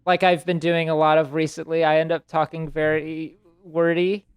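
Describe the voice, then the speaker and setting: A man's voice: on the high side, little pitch movement, moderate pace, smooth, dry recording. A young man hosting a podcast in casual chat, rambling with frequent restarts and self-interruptions. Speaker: podcast host.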